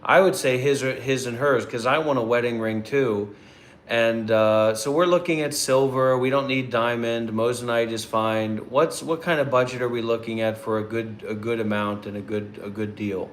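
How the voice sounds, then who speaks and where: A man's voice: mid-range voice, fairly even intonation, moderate pace, a little hiss or hum. Rambling male meditation vlogger. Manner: rambling, repetitive, restarts often. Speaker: meditation teacher, channel host. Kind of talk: casual questioning.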